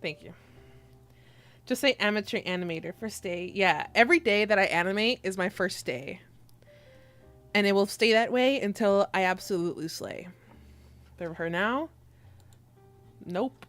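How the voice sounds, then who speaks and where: A woman's voice: mid-range voice, normal speed, long pauses, a bit bright, soft background music. A young woman streamer chatting casually with her viewers, teasing and giggling as she reads the chat aloud.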